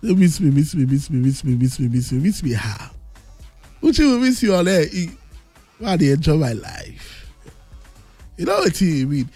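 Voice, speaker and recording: A man's voice: fairly high pitch, sing-song, moderate pace, long pauses, slightly rough, soft background music. A man from Nigeria with a Nigerian Pidgin English accent, talking as a radio host in boastful, teasing banter. He is a bit under the weather, and his voice sounds thick. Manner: brash, teasing, loud boasting.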